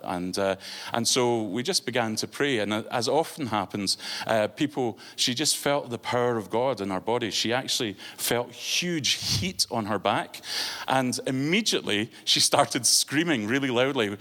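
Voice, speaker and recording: An earnest man preaches in an ordinary mid-range voice. He tells his story haltingly, full of fillers and false starts. His manner is sincere and conversational rather than polished. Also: mid-range voice, pushed and bright. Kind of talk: storytelling sermon.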